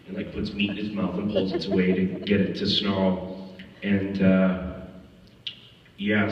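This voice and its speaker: A man telling lively anecdotes at a film Q&A, acting out voices and laughing often. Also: sits low. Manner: animated storyteller, acts out quotes, laughs often. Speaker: actor answering audience questions. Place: festival screening hall. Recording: echoey hall from far off, dull audio.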